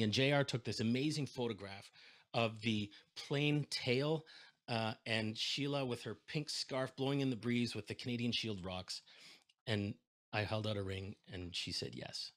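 A man's voice: medium pitch, normal speed. A man giving a keynote talk over a video call, telling a story and acting out the voices of the people in it. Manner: animated storyteller, acts out quoted voices. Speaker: keynote speaker. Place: home setup, video call. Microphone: desk microphone.

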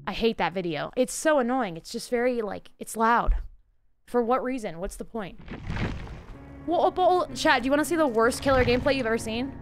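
A young woman streaming a game, chatting casually with her viewers in excitable bursts. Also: a little high, fairly quick, slight background noise. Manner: chatty, talks to chat, excitable exclamations. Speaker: live streamer. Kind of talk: casual live-stream chat.

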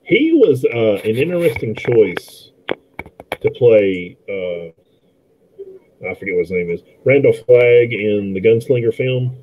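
A man's voice: mid-range voice, big pitch swings, a little slow, mellow, a little hiss or hum. A middle-aged man chatting casually about movies as a podcast co-host, with frequent fillers and restarts. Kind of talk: casual movie commentary chat. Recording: tinny phone-like line.

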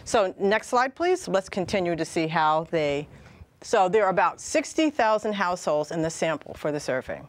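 A woman's voice: lowish voice, expressive, normal speed. A woman producing a community TV talk show, chatting casually and laughing often as she walks through slides. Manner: chatty, laughs often, asks rhetorical questions. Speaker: show producer presenting a topic. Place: community access TV studio.

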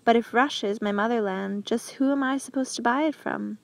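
A woman's voice: fairly high pitch, a little fast, gravelly. A woman voicing an outspoken, earnest male prisoner in an audiobook, blunt and pleading. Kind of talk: audiobook character reading.

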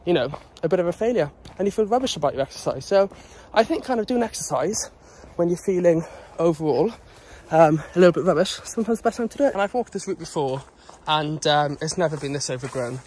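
A man rambles casually to his phone camera while out on a dog walk. He is a little out of breath from jogging, and his voice sits a touch high for a man. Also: animated, fast talker, few pauses, a little mellow, a little hiss or hum. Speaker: vlogger. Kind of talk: casual vlog chat.

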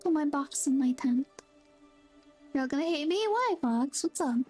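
A woman streamer chats casually while she plays, greeting viewers and reading out their messages. Her voice is high and friendly. Soft background music runs beneath her talk. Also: animated, normal speed. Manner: chatty, reads chat aloud, friendly greetings. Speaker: game streamer. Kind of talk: casual gameplay chat.

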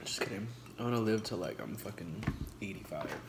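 Casting: young guy, low voice, relaxed slangy mukbang chat between bites, echoey noisy room. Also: a little fast. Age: 20s. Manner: laid-back slangy talk with frequent swearing; talks between bites while eating. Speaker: vlogger.

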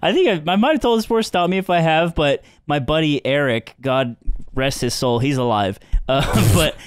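A man's voice: on the high side, lively intonation, moderate pace, smooth, no room sound, studio quality. Laughing young man telling crude stories. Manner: laughing storyteller, crude jokes. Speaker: podcast co-host. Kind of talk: casual chat.

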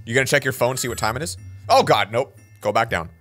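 A man hosting a reaction video, chatting casually with quick asides. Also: medium pitch, music in the background.

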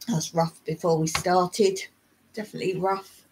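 A woman's voice: fairly low pitch, fairly even intonation, moderate pace, a little hiss or hum, rough recording. A middle-aged woman from England, hosting a casual live chat, talking in a chatty way, reading aloud and singing snatches of songs. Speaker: livestream host.

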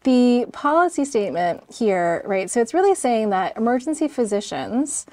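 Higher-voiced woman chatting through a lecture. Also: expressive, normal speed, a little mellow, no echo. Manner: chatty, many fillers like "sort of" and "right?". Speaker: medical educator. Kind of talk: conversational review lecture.

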